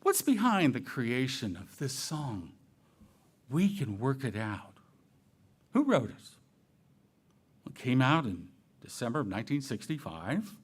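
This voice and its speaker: Slow, animated man giving a church talk. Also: medium pitch, slightly rough. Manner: asks the audience rhetorical questions; playful, jokey asides. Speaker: church speaker. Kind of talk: sermon-style talk.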